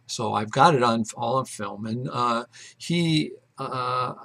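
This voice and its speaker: A man's voice: mid-range voice, slow pace, creaky, a bit bright. A man hosting his own show, telling a personal story in a rambling, casual way with many fillers and restarts. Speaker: host.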